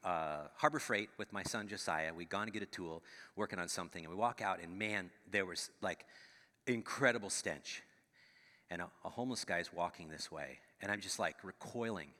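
A middle-aged pastor with a low, sharp voice preaches conversationally in a church sanctuary, often tossing in "right?" to check in with listeners. His words trail off in a long reverb tail.

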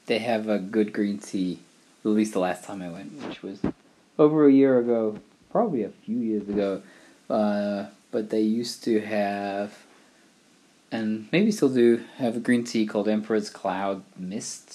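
Wry, rambling man talking to camera. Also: fairly low pitch. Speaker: vlogger. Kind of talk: casual monologue.

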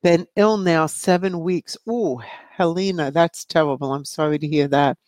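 A woman's voice: deep voice, steady tone, moderate pace, darkish tone, no room sound. A middle-aged woman hosting a live psychic question show, reading out viewer questions in a breezy, chatty way and laughing often. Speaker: psychic medium show host.

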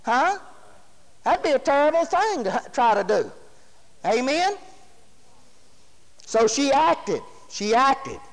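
A man preaching a sermon in a very high voice, folksy and emphatic. He keeps putting questions to the congregation. His voice rings with the long reverb of a church hall. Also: very animated, takes it slowly, gravelly, long pauses.

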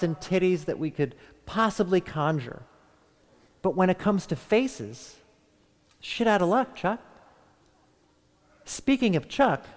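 Lively-pitched man giving a mock lecture. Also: in a large hall. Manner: theatrical, crude deadpan asides to listeners. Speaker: podcast host.

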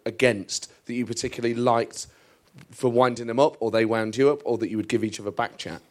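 A man's voice: mid-range voice, fairly even intonation. A man hosting a live podcast, asking a guest questions in a theatre studio. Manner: quick, curious questioning. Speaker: podcast host. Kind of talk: live interview.

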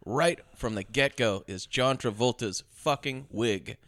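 A man's voice: medium pitch, no room sound, studio quality. A man co-hosting a movie podcast, chatting casually with jokes and laughter. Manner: animated, jokey, quick to laugh. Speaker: podcast co-host.

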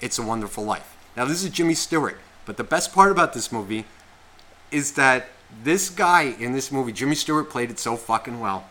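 A man in his thirties, a podcast co-host, telling a long rambling story in casual chat, swearing a lot and filling every pause with "like.". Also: medium pitch, animated, pushed and bright. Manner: rambling, heavy profanity, constant "like" fillers.

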